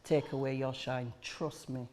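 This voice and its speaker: A woman's voice: extremely low pitch, little pitch movement, unhurried, darkish tone, a little hiss or hum. A woman, the chair of a charity, talking reflectively in a podcast conversation and repeating key phrases for emphasis.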